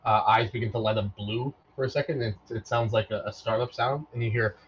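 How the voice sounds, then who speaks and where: A man narrating as the game master of a tabletop game, relaxed and loose, often repeating words as he goes. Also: fairly low pitch, fast talker, breathy edge. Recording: dull lo-fi mic.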